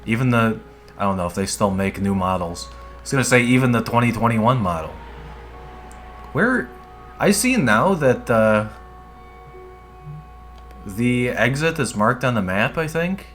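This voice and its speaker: A man's voice: mid-range voice, expressive, measured pace, long pauses, fairly bright tone, soft background music. A man casually chatting while he plays a game, rambling and laid-back and swearing often. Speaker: streamer playing a dungeon game. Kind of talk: casual gameplay commentary.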